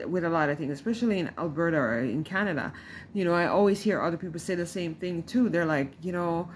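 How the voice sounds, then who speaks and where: A middle-aged woman from the Caribbean, talking to camera in a rambling, frustrated way with many restarts. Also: lowish voice. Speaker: vlogger. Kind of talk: casual talk to camera. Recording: faint background noise.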